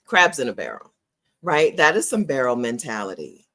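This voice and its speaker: A woman's voice: a bass voice, normal speed. A middle-aged American woman vlogging in a casual, opinionated way, emphatic and laughing often. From United States. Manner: animated, emphatic, laughs often, repeats phrases.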